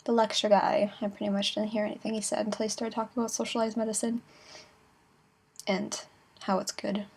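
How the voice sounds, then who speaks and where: A young woman chatting casually in a travel vlog, giggly and playful with quick asides. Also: mid-range voice, level tone, gravelly, a little mellow, husky. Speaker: vlogger.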